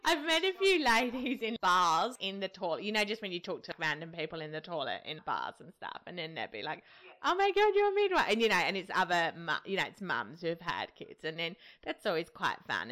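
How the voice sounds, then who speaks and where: A young woman co-hosts a podcast in a casual, chatty way, her voice bright and forward. She swings her pitch widely as she mimics people and laughs along. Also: big pitch swings, a little fast, few pauses. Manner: chatty, laughs often, acts out quotes. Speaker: podcast co-host, midwife. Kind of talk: casual chat.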